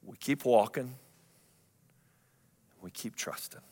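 Man preaching in a reverberant sanctuary. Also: mid-range voice. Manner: dramatic swings between loud emphasis and hushed intimate lines; repeats key phrases slowly for emphasis. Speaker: pastor. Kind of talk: sermon. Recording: long hall reverb.

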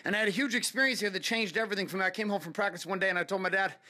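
A man in his forties from California hosts his podcast with a motivational monologue. His voice sits high and sounds forceful and bright. He speaks with emphasis, building intensity as he goes. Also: very fast. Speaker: podcast host.

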